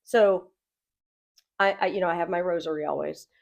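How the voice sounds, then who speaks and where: A middle-aged woman co-hosting a podcast, telling a story in a casual, animated way and acting out the voices of others. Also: on the low side, normal speed, creaky. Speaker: podcast co-host.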